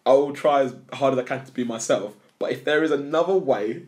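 A man's voice: mid-range voice, brisk. A young man, co-hosting a casual podcast chat, rambling and swearing as he tells stories. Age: young adult. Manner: rambling, swears, animated storytelling. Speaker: podcast co-host.

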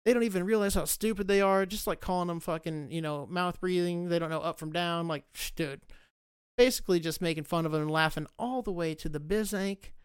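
Profane, sarcastic man ranting, high voice. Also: brisk, clean tone, dry recording, studio quality. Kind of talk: casual rant.

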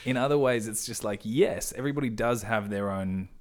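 A man from Australia with a softened Australian accent, chatting thoughtfully and articulately about film as a podcast host. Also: on the low side, a little fast. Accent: Australian, softened by drama training. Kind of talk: casual film discussion.

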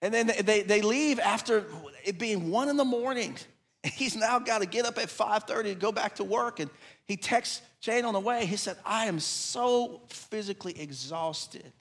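A man's voice: high-pitched, normal speed, a bit bright. Man preaching a story-driven sermon. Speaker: pastor.

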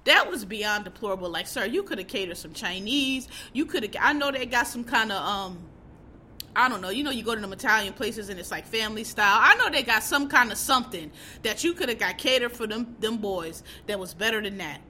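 A woman host ranting in a casual, profane, exasperated way, swinging between loud outbursts and low muttering. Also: animated, a little fast, a little hiss or hum. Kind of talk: casual opinion rant.

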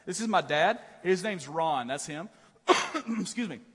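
A middle-aged man preaching a sermon as pastor, telling stories in an animated, self-deprecating way with many "right?" asides. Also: high-pitched, a little slow, slightly rough, in a large hall. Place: large church auditorium.

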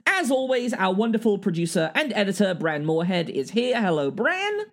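A woman's voice: mid-range voice, big pitch swings, normal speed. A woman hosting a podcast in casual chat, chatty and laughing often, often restarting her sentences. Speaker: podcast host.

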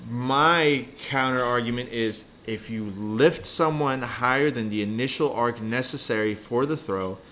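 A man's voice: medium pitch, unhurried, few pauses, fairly bright tone, slight background noise. A man in casual podcast chat, blunt and emphatic, swearing often as he argues his point.

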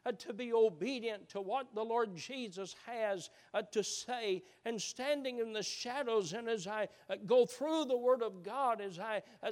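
A man preaching a sermon, halting with many uh's and repeated words, swinging from loud and rising to hushed and low.

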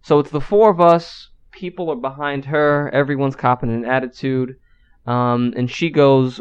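A man's voice: mid-range voice, steady tone, normal speed, smooth. Male podcast co-host, mid-range voice, casual profane storyteller, muffled recording. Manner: loose, profane, filler-heavy.

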